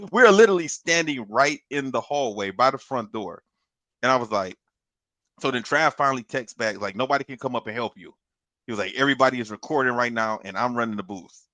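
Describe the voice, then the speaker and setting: A man on a podcast telling a long story in a casual, animated way, swearing and laughing as he goes. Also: mid-range voice, no room sound. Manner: animated, profane, laughs through his story. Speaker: podcast co-host.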